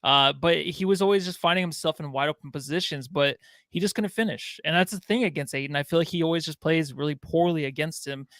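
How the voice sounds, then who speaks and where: A man with a fairly high voice co-hosts a casual sports podcast. He rambles loosely, throwing in swearing and filler. The sound is dry and close. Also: fast, a bit bright, no echo. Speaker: podcast co-host.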